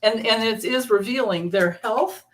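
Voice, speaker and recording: A woman hosting a live tarot reading, talking in a rambling, halting way as she explains the cards in a casual chat. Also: on the high side. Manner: rambling, halting, with frequent restarts and laughter. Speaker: tarot reader, channel host.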